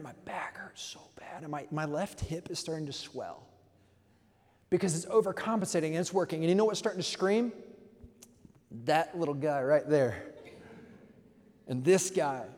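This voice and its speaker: A man's voice: a little high, darkish tone, in a large hall. A man pastor preaching a conversational sermon, telling stories in a playful way.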